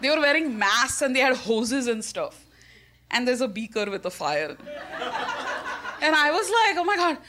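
Indian-accented woman, fairly high voice, lively self-mocking storyteller who laughs a lot. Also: measured pace, long pauses, background noise. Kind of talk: live personal storytelling.

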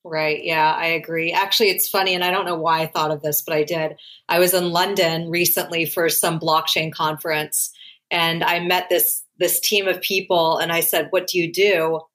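A woman's voice: lowish voice, little pitch movement, normal speed, fairly bright tone. Chatty woman podcast host. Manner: chatty, laughs easily. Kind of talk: casual interview talk.

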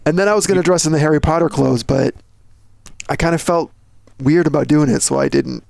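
A man's voice: a little high, a little fast, creaky, darkish tone, dry recording. A man, a regular on a podcast, chatting in a laid-back and somewhat hesitant way. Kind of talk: casual chat.

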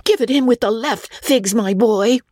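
Woman doing a little posh schoolboy, high. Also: normal speed, darkish tone, dry recording, clean studio sound, lightly acted. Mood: cheering. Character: small posh young schoolboy. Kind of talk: audiobook reading.

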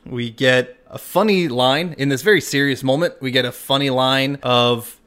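Male podcast co-host, chatty scene recapper, middle pitch. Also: moderate pace, a bit bright, clean tone. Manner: chatty, retells scenes with acted quotes. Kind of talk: casual film recap.

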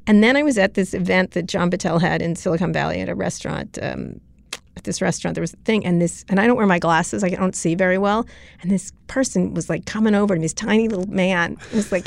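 Gravelly, blunt woman journalist guest. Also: lowish voice, no echo. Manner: blunt, rapid-fire, swears freely. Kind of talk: casual interview talk. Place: office recording room.

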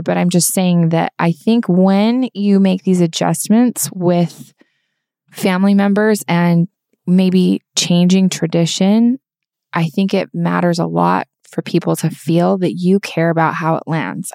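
A woman's voice: lowish voice, darkish tone, dry recording, clean studio sound. A woman co-hosting a podcast, talking earnestly and encouragingly through examples in casual conversation. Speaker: podcast co-host.

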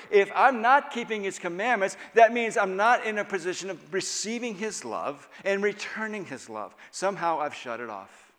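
A man preaching a sermon at a conference, animated, moving between loud emphatic passages and hushed, quiet ones. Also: a little high. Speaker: guest speaker. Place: church hall at a conference. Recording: long reverb of a large hall.

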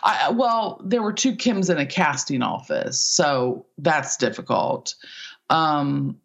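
Woman, Midwestern accent, casting director, talkative, frequent laughter, lowish pitch. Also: animated, slow pace, vocal fry. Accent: Midwestern American. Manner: laughs often, warm and talkative. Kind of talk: casual interview chat.

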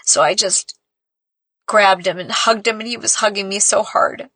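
A woman's voice: medium pitch, fairly even intonation, normal speed, bright, forceful tone, slightly rough, dry recording. A woman hosting a podcast and telling a personal story in a casual, heartfelt, rambling way, with lots of "like". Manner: heartfelt, rambling, heavy use of "like". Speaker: podcast host.

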